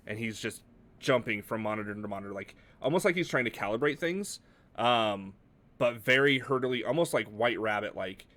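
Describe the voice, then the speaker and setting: A man's voice: lowish voice, moderate pace, a bit bright. A man narrating a tabletop game as game master, casual with many fillers.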